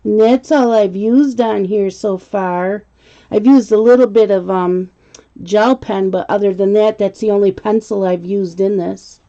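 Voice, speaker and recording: Slow, mellow-voiced grandmotherly woman chatting. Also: mid-range voice. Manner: chatty, laughs often, reads viewer comments aloud. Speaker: live-stream coloring host. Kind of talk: casual live-stream chat while coloring. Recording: slightly muffled lo-fi stream audio.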